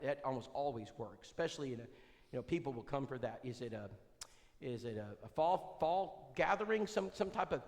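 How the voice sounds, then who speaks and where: A male preacher leading an evangelism seminar, folksy and animated, quizzing his listeners. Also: medium pitch. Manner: animated, folksy, quizzes the audience, many restarts. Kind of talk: conversational seminar talk with storytelling. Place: church hall. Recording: reverberant church hall.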